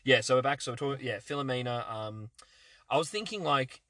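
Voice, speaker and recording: A man's voice: medium pitch, animated, brisk, a bit bright, no room sound. Rambling young man, casual chat. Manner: rambling, lots of fillers and restarts. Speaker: podcast co-host. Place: parked car outside a bar.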